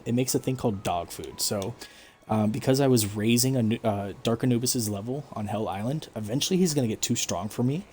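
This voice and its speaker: A man giving relaxed, explanatory commentary over his own gameplay stream, with frequent fillers. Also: mid-range voice, fairly quick, slight background noise. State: hiccups. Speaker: gaming streamer.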